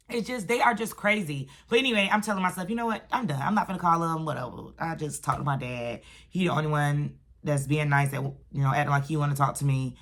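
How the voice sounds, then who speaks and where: Adult woman vlogger, animated and venting, crisp bright tone, pitched a little low. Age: adult, has a daughter. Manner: animated, vents and rants, quick shifts. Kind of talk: casual storytelling vlog.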